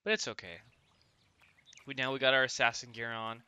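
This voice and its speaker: Bright-voiced young man narrating gameplay. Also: medium pitch, steady tone, a little fast, smooth, muffled recording. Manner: chatty, jokey, asks viewers "right?". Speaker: gaming channel host. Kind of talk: casual gameplay commentary. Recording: voice-over with game music behind.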